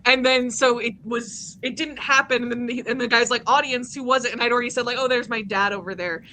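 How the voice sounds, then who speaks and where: A woman from upstate New York telling lively stories on a convention panel, often laughing as she talks. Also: fairly high pitch, quick pace, slight background noise. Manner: animated, laughs through her stories. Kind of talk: casual panel storytelling.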